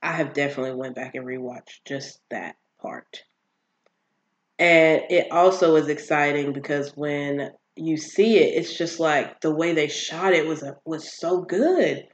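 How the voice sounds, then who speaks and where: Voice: medium pitch, a little slow, highs cut off. A vlogger casually recapping a TV series, rambling with lots of fillers and acting out the characters' lines.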